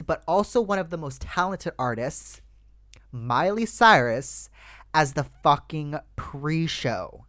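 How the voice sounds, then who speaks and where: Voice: mid-range voice, a bit bright, no echo. Young podcast host on a solo rant, swears a lot, keeps saying you guys, dry close sound. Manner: ranting, swears freely, addresses listeners as "you guys". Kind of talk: casual solo podcast chat.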